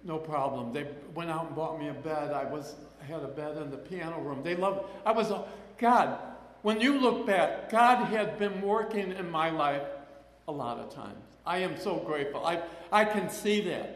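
A man's voice: on the high side, moderate pace. Older man telling his story in an echoey hall. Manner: rambling, with many restarts and acted-out quotes. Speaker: person sharing a recovery story. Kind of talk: personal testimony storytelling. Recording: echoey hall with long reverb.

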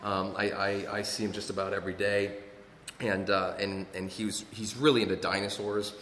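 A man giving an earnest personal recovery talk, halting, with many restarts and repeated words. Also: on the low side, level tone, a bit bright. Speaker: recovery speaker sharing his story. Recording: echoey hall, faint room noise.

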